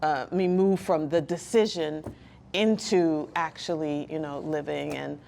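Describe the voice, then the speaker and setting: Woman, interview guest, earnest and reflective, slightly low pitch, candid. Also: steady tone, vocal fry, darkish tone, a little hiss or hum. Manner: earnest and reflective, often pausing and restarting. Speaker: guest, licensed counselor. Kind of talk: candid personal interview talk.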